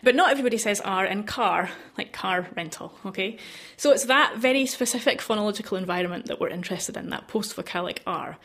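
A woman's voice: medium pitch, quick pace, hardly any pauses, fairly bright tone. An American woman, a linguistics researcher, explains her work patiently in a radio interview and laughs lightly between points.

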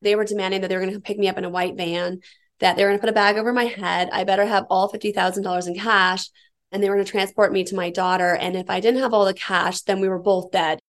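A woman's voice: medium pitch, level tone, fast talker. A middle-aged woman from the United States, an interviewee tensely and vividly retelling a personal ordeal. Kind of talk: personal account.

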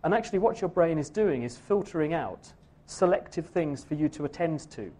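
A man's voice: fairly high pitch, lively intonation, brisk, dark tone. A man answering an audience question on a live science radio show, explaining fluently and at length. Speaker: science presenter.

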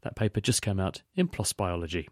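A man presenting a science news podcast, reading scripted links in a smooth, measured way. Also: low-pitched, big pitch swings, a little hiss or hum.

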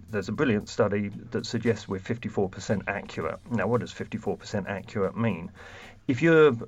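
A man explaining lie detection research in a measured, explanatory way, with some fillers and restarts. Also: on the low side, dull audio. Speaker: deception researcher guest. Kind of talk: expert explanation.

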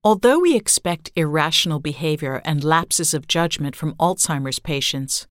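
Low-voiced woman reading an essay. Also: no echo, clean studio sound. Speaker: narrator reading an essay aloud. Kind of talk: scripted narration.

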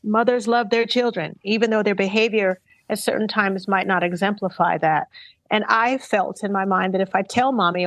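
A woman's voice: medium pitch, fairly even intonation, fairly bright tone, no room sound, low-quality recording. Earnest middle-aged woman, dry studio sound. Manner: thoughtful, earnest, measured. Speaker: interviewed singer. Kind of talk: reflective interview talk.

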